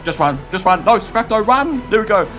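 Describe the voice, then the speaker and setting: Frantic, excitable male gaming commentator. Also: sits high, normal speed. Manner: frantic, shouting and squealing with excitement. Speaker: gaming YouTuber. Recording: light background music.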